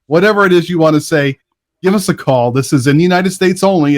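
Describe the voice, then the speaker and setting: A man's voice: a little high, a little fast. Chatty upbeat male show host. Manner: upbeat, chatty, laughs often. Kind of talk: casual live show hosting.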